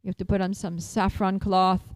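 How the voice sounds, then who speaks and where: A woman voicing a helpful forest goddess who gives brisk, detailed instructions. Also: medium pitch, little pitch movement, dry recording, lightly acted, rough recording. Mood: instructive.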